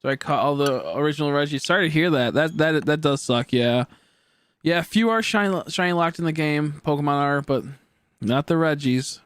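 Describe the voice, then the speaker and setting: A man's voice: fairly high pitch, moderate pace, a bit bright, clean tone, no room sound. A man in his twenties chatting casually on a game live stream, rambling and joking as he answers chat aloud. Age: 20s.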